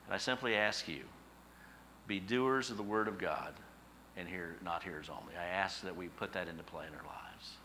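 Bright-voiced male pastor preaching. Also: low voice, normal speed, slight background noise, rough recording. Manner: animated storytelling, emphatic repetition. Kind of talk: sermon.

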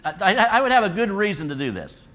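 A man's voice: high voice, very animated, fast, pushed and bright, pitched above the performer's own voice, full character voice. A preacher voicing a talking female donkey that pleads and reasons with her master. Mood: pleading.

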